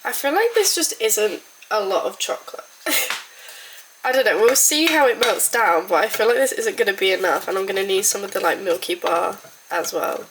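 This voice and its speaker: Vlogging while she bakes at home, a woman chats to the camera in an animated mid-range voice at a moderate pace, rambling, teasing herself, and peppering everything with "like." The recording is reverberant with a noisy background.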